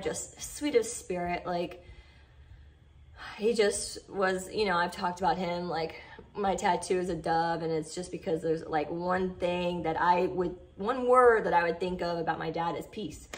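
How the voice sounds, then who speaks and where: A woman chatting heartfelt to her followers in a casual vlog, full of "like" and "you know". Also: on the low side. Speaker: vlogger.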